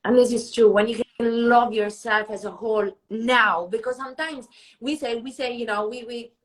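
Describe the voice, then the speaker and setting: A woman guest, speaking in an earnest, reflective way with halting restarts. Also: on the high side, rough recording. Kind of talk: casual heartfelt chat.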